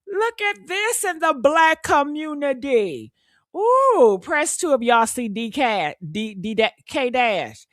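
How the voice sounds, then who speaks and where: A woman hosting a reaction commentary, blunt and sassy, preaching and swearing freely. Her voice sits a little high. The sound is dry and close, with no room in it. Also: very animated, takes it slowly, hardly any pauses, no room sound. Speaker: commentary host.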